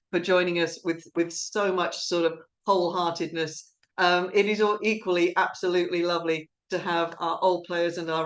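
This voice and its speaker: A woman's voice: fairly low pitch, fairly bright tone. Chatty woman hosting a live stream. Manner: rambling, chatty, quick laughs. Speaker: director and host of an online play reading. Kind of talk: casual live-stream chat.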